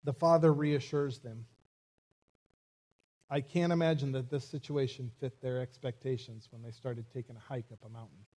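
A man preaching a sermon as a church pastor, reading scripture and speaking to his congregation in a measured way. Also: mid-range voice, steady tone, a little mellow. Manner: preaching with rising intensity, measured pacing.

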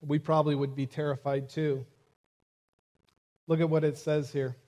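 A man preaching a sermon as a church pastor, reading scripture and speaking to his congregation in a measured way. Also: a little high, flat delivery, darkish tone. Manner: preaching with rising intensity, measured pacing.

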